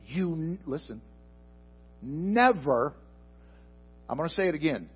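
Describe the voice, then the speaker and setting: A husky-voiced man preaching to a congregation, delivering his sermon slowly and deliberately. His pitch swings widely as he moves between emphatic bursts and quiet asides. The recording is dull and lo-fi, with faint music underneath. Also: lively intonation. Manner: addresses the congregation directly with questions. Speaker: pastor. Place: church sanctuary before a congregation. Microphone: microphone.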